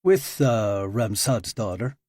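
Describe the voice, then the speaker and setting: A man voicing a cocky young male agent in his mid-twenties who jokes and pushes, his pitch raised. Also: takes it slowly, a little mellow, no echo, clean studio sound. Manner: joking, cocky.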